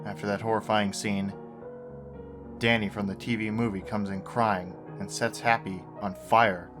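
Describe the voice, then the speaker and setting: A man's voice: lowish voice, level tone, unhurried. A man narrating a horror story, with dry, sarcastic asides. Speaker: creepypasta narrator. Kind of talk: story reading with commentary. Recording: guitar music under the voice.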